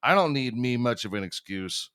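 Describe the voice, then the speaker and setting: A man's voice: medium pitch, lively intonation, moderate pace, pushed and bright, smooth. A young man hosting a podcast, rambling and swearing freely, often laughing at himself. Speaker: podcast host. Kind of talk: casual chat.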